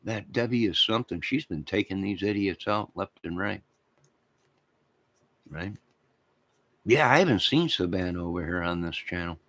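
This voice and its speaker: A man's voice: low-pitched, expressive, normal speed, pauses often, a bit bright. A man hosting a livestream, rambling crudely and talking to his chat viewers. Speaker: livestream host.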